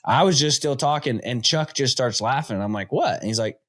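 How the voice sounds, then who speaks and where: A man's voice: medium pitch, a little fast, fairly bright tone. A man, hosting a casual interview chat and telling rambling stories full of fillers. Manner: rambling storyteller, chatty with fillers. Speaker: podcast host.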